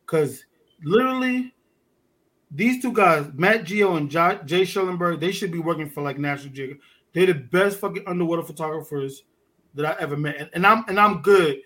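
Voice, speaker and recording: A man from Detroit with a high voice tells a story on a podcast in loose, profane street talk. He acts out every exchange, and his tone swings from loud to low. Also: moderate pace. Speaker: podcast guest, underwater photographer. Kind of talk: casual storytelling chat.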